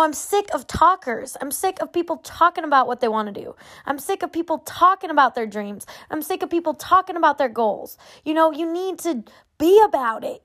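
A woman's voice: high voice, a bit bright. A woman giving an emphatic motivational pep talk, pressing her points through repetition. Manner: emphatic, repetitive, fired-up preaching. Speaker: motivational speaker.

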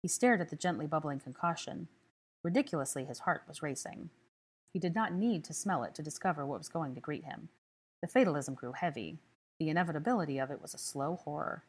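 A woman reading a story aloud as narrator, calm and even. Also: low-pitched, a little fast, husky. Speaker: audiobook reader. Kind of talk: scripted narration.

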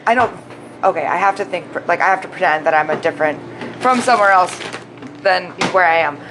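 A woman's voice: on the low side, brisk, fairly bright tone, low-quality recording. A woman co-hosting a podcast, rambling and giggling in a casual movie-review chat, swearing now and then. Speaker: podcast co-host. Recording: clear background noise.

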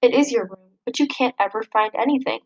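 Lady doing a picture-book lamp, blunt and kinda puzzled, higher voice. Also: fairly quick, darkish tone, slightly rough, dry recording, low-quality recording. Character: tired bedroom lamp, frank and puzzled.

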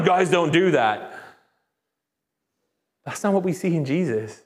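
A man preaching a sermon as a pastor, speaking conversationally and emphatically, with repeated phrases and animated rises. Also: a little high, slow, pauses often. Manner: animated, rises sharply when excited. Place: church.

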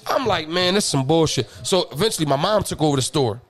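Man, high-pitched voice, animated casual storytelling, loud bursts and low mutters, frequent laughs. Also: quick pace. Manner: laughs often while telling stories. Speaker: podcast co-host.

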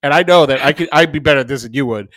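A man's voice: medium pitch, very fast, fairly bright tone, no room sound. A man co-hosting a podcast in casual chat, rambling and swearing freely while recording at his desk. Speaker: podcast co-host.

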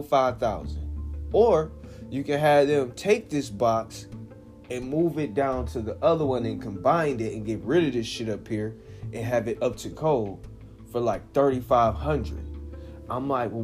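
A man's voice: mid-range voice, darkish tone. A man telling a story in a casual way, swearing a lot, using slang and often checking in with the listener.

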